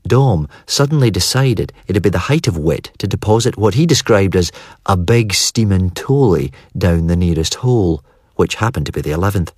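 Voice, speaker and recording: A man reading first-person narration for an audiobook in a measured, even delivery. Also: low-pitched, husky, no room sound, clean studio sound.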